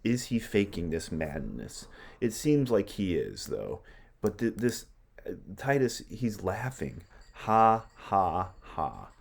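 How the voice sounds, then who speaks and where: Deep-voiced man lecturing on a play. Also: unhurried, gravelly, breathy edge. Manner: animated, restarts and repeats words, "right?" tags. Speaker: literature teacher.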